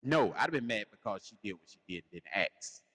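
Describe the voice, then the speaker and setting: Animated man telling stories in a reverberant room. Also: fairly low pitch, brisk. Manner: animated, defensive, laughs a lot. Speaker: co-host. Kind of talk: casual podcast storytelling.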